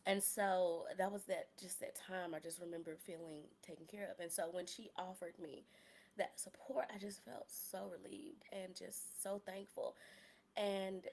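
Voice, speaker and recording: A woman's voice: on the low side, steady tone, moderate pace, darkish tone. Candid woman podcaster, heartfelt and emotional. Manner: candid and emotional, close to tears at times; casual, slangy, self-deprecating humor. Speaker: podcast host. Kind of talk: personal podcast monologue.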